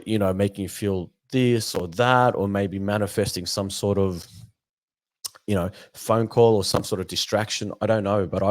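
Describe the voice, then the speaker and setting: A man's voice: on the low side, a little mellow, dry recording. A man hosting a reflective spiritual book discussion. He muses in a meandering way, repeats words and says "you know" often, and sometimes reads passages aloud.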